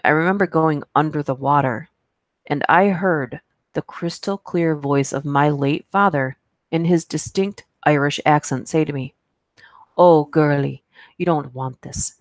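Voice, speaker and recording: A woman's voice: low voice, unhurried, dry recording, clean studio sound. A woman hosting a live stream, reading creepy stories aloud and chatting with asides between them. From United States. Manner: reads aloud with asides, laughs at herself.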